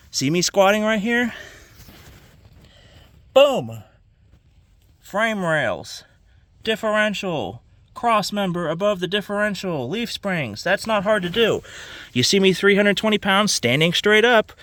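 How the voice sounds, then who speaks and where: A man's voice: medium pitch, a bit bright, no room sound. A man ranting casually to camera, exasperated and swearing freely about private car sellers. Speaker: vlogger.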